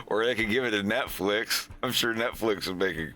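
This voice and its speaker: A man's voice: fairly low pitch, moderate pace, sharp tone, soft background music. A man streaming, chatting casually in a rambling, sarcastic way and laughing often.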